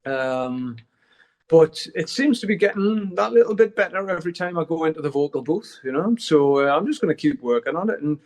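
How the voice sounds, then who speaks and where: Interview guest: middle-aged man, slightly high voice, rambling and candid, swears freely. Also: a little mellow. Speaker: guest musician. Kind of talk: casual interview chat.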